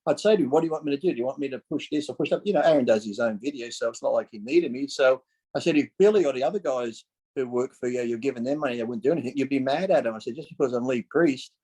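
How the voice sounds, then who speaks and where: Rapid-fire and slightly rough, this mid-range male voice belongs to a man in his forties, heard over a rough recording. As a podcast guest he spins casual stories, acting out quoted lines, swearing liberally and breaking into laughter often.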